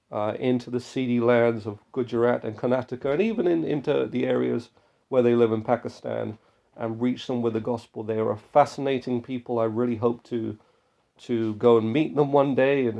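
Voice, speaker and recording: A man's voice: mid-range voice, creaky, warm tone, dull audio. A man hosting a Christian missions podcast, talking earnestly and exhorting listeners, with frequent restarts. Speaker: podcast host.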